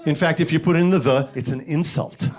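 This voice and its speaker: A man from the Bronx, performing a stand-up comedy set with deadpan setups and sudden loud punchlines. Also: on the high side, brisk. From the Bronx, New York. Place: comedy stage with live audience.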